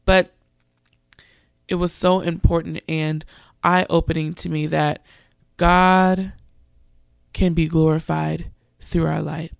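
A woman's voice: deep voice, little pitch movement, slow pace, gravelly, long pauses, clean tone, no echo, clean studio sound. A young woman preacher, giving an earnest sermon testimony and animatedly quoting others.

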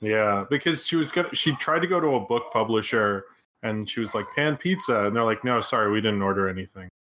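A man co-hosting a casual comedy podcast, rambling and trailing off softly at the ends of his thoughts. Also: lowish voice, expressive, a little fast, slight background noise. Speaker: podcast co-host.

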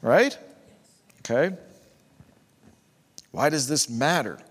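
A man's voice: mid-range voice, animated, slow, a bit bright, slightly rough. A man preaching a sermon as pastor, conversational, with rhetorical questions and asides to his congregation. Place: church sanctuary. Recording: long hall reverb.

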